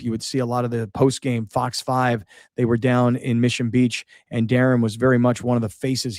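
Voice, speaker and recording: Halting middle-aged male radio host. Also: mid-range voice, darkish tone, no echo, clean studio sound. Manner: halting, repeats words, shifts between sad and laughing. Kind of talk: emotional on-air remembrance.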